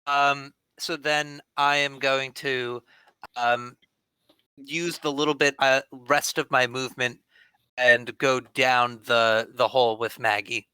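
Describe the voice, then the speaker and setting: Slow, clear-voiced man playing. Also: medium pitch, level tone, sharp tone, dry recording, low-quality recording. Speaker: player. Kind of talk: casual game chat.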